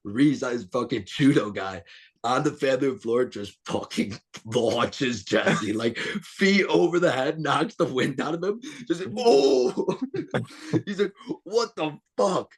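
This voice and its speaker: Husky young man telling wild stories. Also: mid-range voice, unhurried. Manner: animated, profane, laughs through stories. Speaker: podcast guest. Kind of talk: casual storytelling chat.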